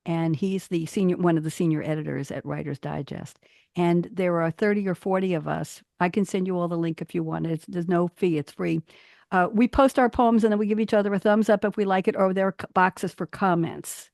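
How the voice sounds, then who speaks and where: A woman hosting a radio talk show, chatting casually and reading her own poems aloud, her pitch climbing on emphatic phrases. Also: brisk, vocal fry, darkish tone, no room sound, studio quality. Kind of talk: casual chat and poetry reading.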